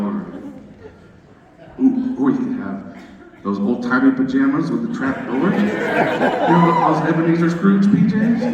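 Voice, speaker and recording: A man performs stand-up on a club stage, his voice a touch high and delivered with playful, self-mocking energy. The sound is captured from some distance in a roomy, echoing space, slightly dull, with an audience laughing around him. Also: background noise. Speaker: stand-up comedian. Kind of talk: stand-up comedy set. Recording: echoey club recording from afar, crowd laughter.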